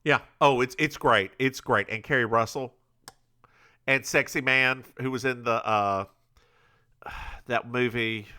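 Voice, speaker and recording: A man's voice: medium pitch, fairly even intonation, unhurried, long pauses, pushed and bright, clean tone. A man co-hosting a podcast, recapping a TV episode in casual, rambling, stop-start chat. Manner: says he is bad at accents. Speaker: podcast co-host.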